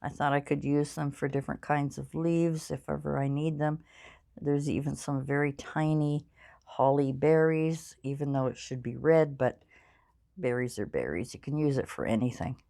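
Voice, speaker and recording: A woman's voice: deep voice, normal speed, vocal fry, mellow. An older woman chatting casually while she crafts, rambling and self-deprecating, with many fillers. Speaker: crafting channel host. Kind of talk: casual crafting vlog chat.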